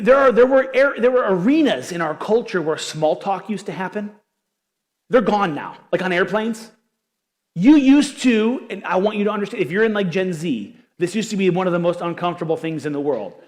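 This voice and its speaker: A male pastor preaching a sermon in an animated, conversational storytelling manner. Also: high-pitched, in a large hall. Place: church auditorium.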